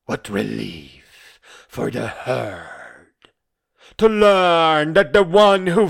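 A man voicing an embittered, proud, dying philosopher in a dramatic monologue, a letter read aloud with slow, measured, bitterly scornful declamation. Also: on the low side, creaky, fairly bright tone, heavily acted.

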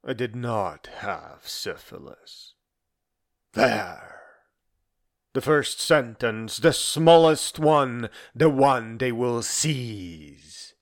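The man's mid-range voice is animated as he performs a dramatic monologue as a dying, embittered, proud philosopher. It's a letter read aloud in slow, measured declamation laced with bitter scorn.

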